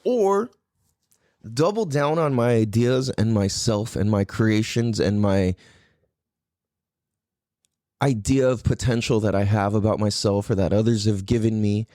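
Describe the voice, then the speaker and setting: Man, podcast host, casual solo monologue, warm low-key voice, profane, filler-heavy. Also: a little slow, long pauses, no echo, clean studio sound. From California. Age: adult parent. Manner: rambling, heavy swearing, frequent fillers.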